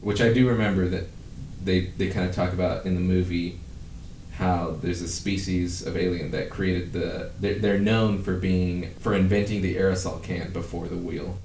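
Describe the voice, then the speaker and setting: A man's voice: fairly even intonation, normal speed, darkish tone. A man co-hosting a podcast in casual chat, rambling, swearing freely and laughing at himself. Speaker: podcast co-host. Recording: roomy, distant mic with faint rumble.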